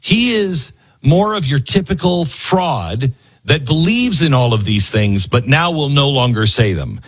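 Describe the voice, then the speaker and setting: Brief: man hosting a commentary show, husky, lively sarcastic delivery, acts out quotes. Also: mid-range voice, unhurried. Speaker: political commentary host. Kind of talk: opinionated news commentary monologue.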